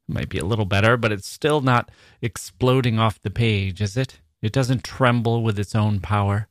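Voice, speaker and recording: A man's voice: fairly low pitch, moderate pace, dry recording, studio quality. A man hosting a literary podcast, talking with enthusiasm about a poem and reading lines aloud with emphasis. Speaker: podcast host.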